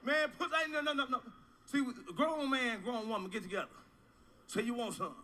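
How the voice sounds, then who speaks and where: A middle-aged man doing a stand-up comedy routine, loud and crude, rambling and repeating his lines. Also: very high-pitched, brisk.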